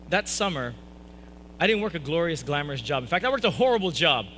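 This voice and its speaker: A young man preaching a sermon, telling a personal story with animated delivery and acting out the voices of the people in it. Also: a little high, a little hiss or hum, low-quality recording. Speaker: pastor. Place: church hall, live stream.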